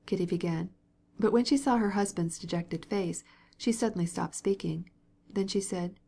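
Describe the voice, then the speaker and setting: A woman narrating a classic novel as an audiobook, in measured storytelling. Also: lowish voice, creaky, warm tone, slightly rough. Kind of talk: scripted narration.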